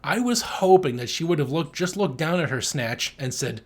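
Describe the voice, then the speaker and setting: A man co-hosting a podcast in casual chat, crude and joking, with an animated way of talking. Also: fairly high pitch, moderate pace, breathy edge. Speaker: podcast co-host.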